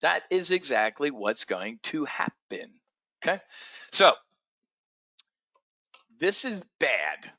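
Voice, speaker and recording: A man with a bright, forceful voice runs a stock market briefing in a brash, irreverent way, swearing and hammering his points. The sound is dry and close, with a slightly dull, lo-fi tone. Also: on the high side, big pitch swings, takes it slowly, pauses often, no echo. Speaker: options trading host.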